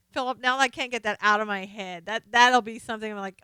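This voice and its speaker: A middle-aged woman hosting a casual live stream, chatting with viewers and reading their comments, excitable, laughing and exclaiming often. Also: a little high, moderate pace, clear, resonant tone, no echo.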